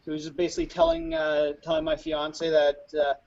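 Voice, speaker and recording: Gravelly high-pitched man. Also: very animated, fairly quick, a little mellow, a little hiss or hum. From Canada. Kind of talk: casual chat. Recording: slightly muffled recording.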